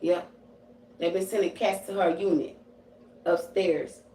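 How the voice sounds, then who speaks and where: A woman streaming live as a psychic medium rants with profanity, slang, and confrontation. Her fairly low, warm voice stays steady at a measured pace. There's slight background noise, and the sound is roomy and distant from the mic.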